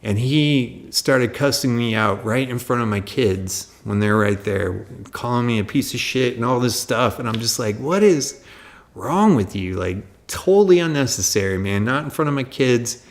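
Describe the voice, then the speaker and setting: Animated man telling a story. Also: mid-range voice, normal speed, few pauses. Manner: animated, exasperated, laughs between points. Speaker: livestream host. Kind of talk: casual storytelling monologue.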